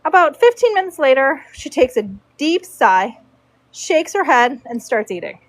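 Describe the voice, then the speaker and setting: A woman's voice: high-pitched, a little slow, poor audio. A woman casually telling a story from her work as a horse braider, acting out the people in it. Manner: animated, acts out quoted dialogue.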